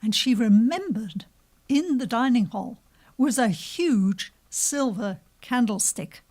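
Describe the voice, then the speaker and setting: A woman telling a folk tale aloud to an adult audience, slow and expressive. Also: on the high side. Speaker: storyteller. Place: live storytelling venue.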